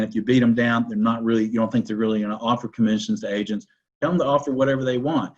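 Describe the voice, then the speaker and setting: Man telling deal stories, lo-fi sound. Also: medium pitch. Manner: assertive, explains with rhetorical "right?". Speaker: guest, commercial real estate broker. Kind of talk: conversational interview storytelling.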